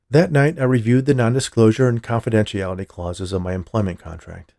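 Gravelly, low-voiced male storyteller. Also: brisk, few pauses, dark tone, dry recording, studio quality. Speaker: narrator. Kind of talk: first-person story narration.

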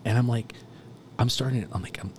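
A man telling a personal story in casual chat, animated and swearing, swinging from loud laughter to hushed near-whispers. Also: mid-range voice, fast, a little hiss or hum. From South Texas.

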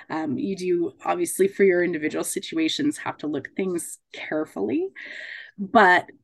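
A woman mediator, around her thirties, giving a relaxed talk to a support group, animated and laughing as she acts out quoted voices. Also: mid-range voice.

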